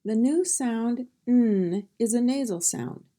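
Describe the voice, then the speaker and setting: A woman's voice: medium pitch, a little slow, dark tone. A woman teaching a phonics lesson, sounding out words one sound at a time and then saying each word whole.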